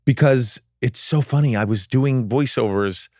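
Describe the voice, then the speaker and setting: A man's voice: mid-range voice, unhurried, mellow, dry recording, studio quality. A man in his fifties, a podcast guest, chatting casually and rambling with lots of fillers and restarts. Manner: rambling, self-deprecating, many fillers and restarts. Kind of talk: casual interview chat.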